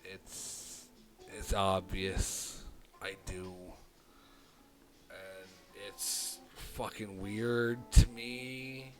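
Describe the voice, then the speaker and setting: A man streaming alone, talking through his thoughts in a rambling, halting way, often swearing and putting on a southern drawl. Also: lowish voice. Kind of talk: casual live-stream monologue. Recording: loud music behind the voice.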